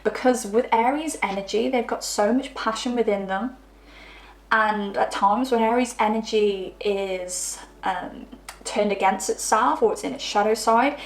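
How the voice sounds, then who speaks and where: Woman, tarot reader, middle pitch, chatty and rambling, roomy echo. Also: gravelly. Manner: chatty, rambling, trips over words. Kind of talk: pick-a-card tarot reading.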